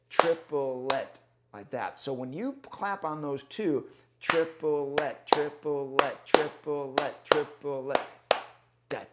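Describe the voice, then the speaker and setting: A man giving a friendly guitar lesson, counting beats and singing rhythms out loud as he explains. His voice sits in a mid pitch, with soft music and guitar playing behind him. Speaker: guitar teacher.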